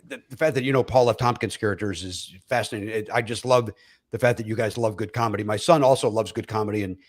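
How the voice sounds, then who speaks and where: A middle-aged comedian, speaking fast in a fairly low voice, tells stories during a casual podcast chat. He's an animated storyteller who acts out the voices of the people he quotes.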